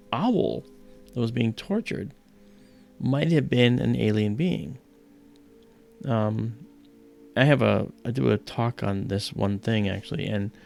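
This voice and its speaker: A man's voice: medium pitch, gravelly, darkish tone. A middle-aged man hosting an astronomy livestream, chatting casually and rambling with lots of "you know".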